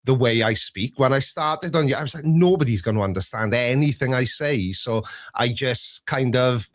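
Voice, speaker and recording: A man's voice: mid-range voice, normal speed. A man with a Welsh accent hosting a call-in show, talking in a chatty, self-deprecating, storytelling way. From Wales. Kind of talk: casual chat.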